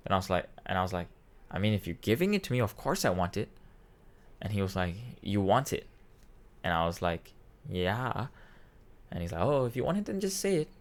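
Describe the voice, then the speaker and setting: A man's voice: low voice, animated, moderate pace, long pauses. A man in his twenties, a vlogger, telling a personal story in a rambling, emotional way with many restarts, choked up and near tears. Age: 20s. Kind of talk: casual storytelling.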